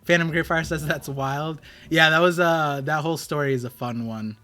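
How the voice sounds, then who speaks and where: Man, streamer host, bright tense voice, fairly high, casual rambling chat. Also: normal speed. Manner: rambling storytelling with many restarts.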